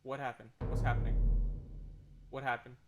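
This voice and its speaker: A young man streaming a game live, talking excitedly and nervously and swearing often. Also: mid-range voice, normal speed, loud music behind the voice. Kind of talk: live gameplay commentary.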